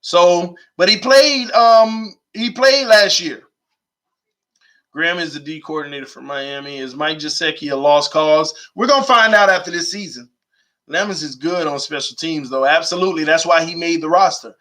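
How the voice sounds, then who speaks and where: Young male live-stream sports host, high bright voice, slangy and animated. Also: moderate pace. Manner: animated, slangy, reads chat aloud, urges viewers.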